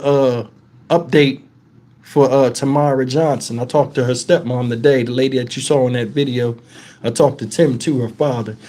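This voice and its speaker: A man telling a profane, animated story on his livestream, acting out the voices in it. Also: mid-range voice. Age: adult, twenties long past. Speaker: livestream host.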